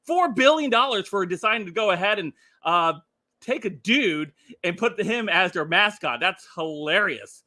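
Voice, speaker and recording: A man's voice: high-pitched, expressive, moderate pace, bright, forceful tone. A middle-aged man hosting a casual commentary livestream, rambling and chuckling with lots of filler words. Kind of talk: casual political commentary stream.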